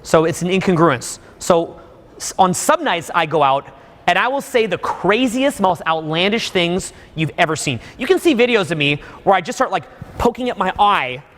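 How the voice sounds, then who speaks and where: High-voiced man lecturing in a reverberant hall. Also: moderate pace. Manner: animated, acts out examples with sudden loud outbursts. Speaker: dating coach. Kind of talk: seminar lecture to a live audience.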